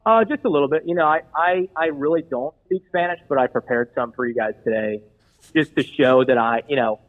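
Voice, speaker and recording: A man's voice: a little high, fairly quick. A man playing an eager, earnest job applicant in an improvised comedy bit, rambling as he talks. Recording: tinny phone-like line.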